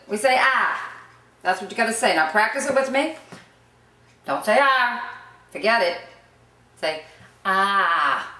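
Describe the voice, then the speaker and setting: A woman's voice: on the high side, pushed and bright, distant mic. Boston-accented woman hosting a jokey accent lesson, chatty and rambling, set back from the mic in an echoey room. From Boston, Massachusetts. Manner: rambling, chatty, drifts off on tangents. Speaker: host. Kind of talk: mock accent lesson to camera. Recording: roomy echo, away from the mic.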